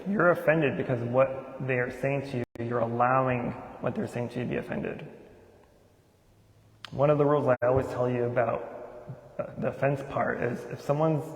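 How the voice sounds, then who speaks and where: A man's voice: medium pitch, vocal fry. A man giving an informal Buddhist sermon, talking conversationally and asking many rhetorical questions. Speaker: Buddhist teacher giving a Dharma talk. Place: temple hall. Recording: echoey temple hall with long reverb.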